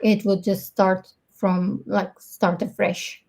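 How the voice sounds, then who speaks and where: Mellow-voiced woman presenting a webinar demo. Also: medium pitch, little pitch movement, vocal fry. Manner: hesitant, pauses with ums. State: out of breath. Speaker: customer support presenter.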